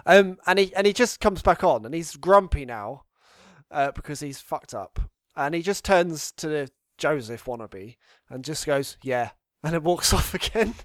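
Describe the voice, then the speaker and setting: High-voiced rambling storyteller. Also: male voice, expressive, moderate pace, fairly bright tone, dry recording, studio quality. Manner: rambling, laughs at his own stories. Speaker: podcast co-host. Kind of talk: casual anecdote telling.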